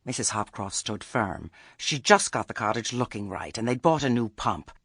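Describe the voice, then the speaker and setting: A man's voice: fairly low pitch, animated, normal speed, a bit bright, husky, dry recording. A man reading a comic story aloud with a dry, wry delivery. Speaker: audiobook narrator. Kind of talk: storybook narration.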